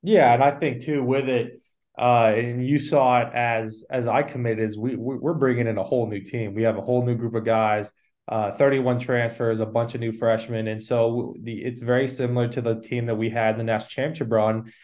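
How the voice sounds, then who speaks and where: A man's voice: mid-range voice, steady tone, fairly quick, a little mellow. A young man, a college football player, talking casually and earnestly with occasional fillers. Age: young adult. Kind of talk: casual conversation.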